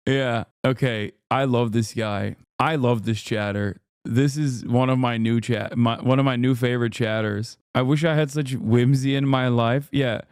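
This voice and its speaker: A man's voice: mid-range voice, fairly even intonation, unhurried, darkish tone, clear, resonant tone, dry recording, studio quality. A man streaming live, reading viewer chat aloud with amused sarcasm and breaking into mock voices. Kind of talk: casual live-stream reaction.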